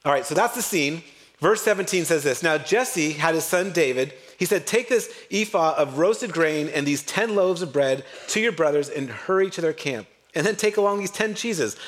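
A male pastor preaches a sermon with a voice a bit higher than most men's. He is animated and slips into other voices to act out the people in his story. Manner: animated, acts out characters with shifting voice.

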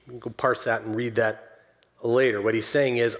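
A man preaching a sermon to his church as pastor, swinging from loud emphatic stresses down to soft, slow closing words. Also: mid-range voice, flat delivery. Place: church sanctuary.

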